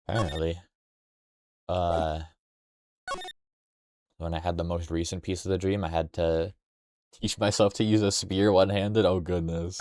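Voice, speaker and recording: A young man casually streams a game, rambling playfully and reading lines aloud as he plays. His low voice moves at a moderate pace with frequent pauses. The audio comes from a noisy home stream mic.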